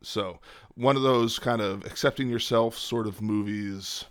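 A man's voice: on the low side, steady tone, measured pace. A man co-hosting a casual movie review chat, making dry, wry asides.

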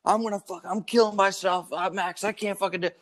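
A man's voice: high voice, steady tone, a little fast, a bit bright, voice pushed up. A man voicing a distraught young woman client who pleads frantically and whines that no one appreciates her. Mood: frantic.

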